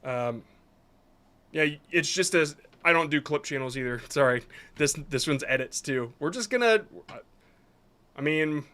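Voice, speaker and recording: A man's voice: on the high side, animated, measured pace, fairly bright tone, smooth. A man hosting a live stream, reviewing viewers' short videos in casual commentary that is hesitant and apologetic, with many restarts.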